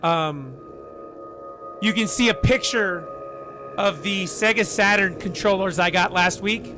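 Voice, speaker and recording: Hoarse, high-voiced chatty streamer man. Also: a little slow, music in the background. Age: 40s. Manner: rambling, chatty, talks to viewers and family mid-stream. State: hoarse, scratchy voice after being sick. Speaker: game streamer. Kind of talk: casual live-stream chat.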